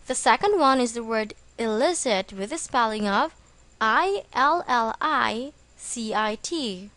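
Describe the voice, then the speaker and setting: A woman reading a scripted English vocabulary lesson, slow and deliberate, spelling words out letter by letter. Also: on the high side, expressive, fairly bright tone, no echo. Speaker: English teacher.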